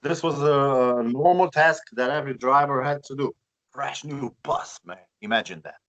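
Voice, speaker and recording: A man from Romania with a Romanian accent, telling a personal story in a halting, chatty way with many repeated words. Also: mid-range voice, a bit bright, muffled recording. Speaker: guest, bus collector. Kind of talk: casual storytelling.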